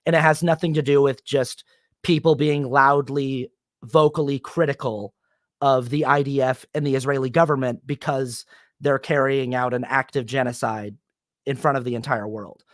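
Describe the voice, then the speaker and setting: A young man talking casually on his solo podcast, rambling with many fillers and restarts, and turning animated when he quotes people. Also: mid-range voice, normal speed, no echo, studio quality. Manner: animated when quoting others. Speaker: podcast host.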